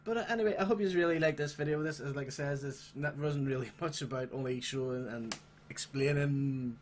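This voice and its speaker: A man hosting a gaming channel, chatting casually and swearing excitedly as he plays a game. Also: mid-range voice, brisk, slight background noise. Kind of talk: casual gameplay commentary.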